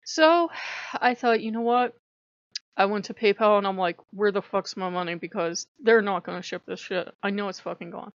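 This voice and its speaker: A woman's voice: medium pitch, normal speed, no echo. A woman ranting in a casual vlog, swearing a lot and sounding fed up. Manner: profane, exasperated venting. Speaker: vlogger. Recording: dull lo-fi sound.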